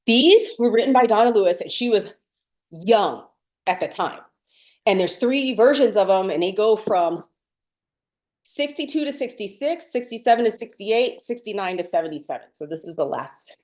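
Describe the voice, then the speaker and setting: A woman's voice: medium pitch, expressive, normal speed, darkish tone. A woman co-hosting a podcast, chatting casually with many fillers and restarts. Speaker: podcast co-host. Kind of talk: casual chat.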